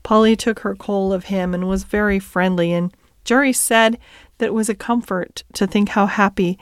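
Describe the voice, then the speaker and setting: A woman reading a classic novel aloud in a calm, steady storybook style. Her voice is smooth and clear, and the recording is dry and close with no room echo. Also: mid-range voice, normal speed. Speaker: audiobook narrator. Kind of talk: scripted narration.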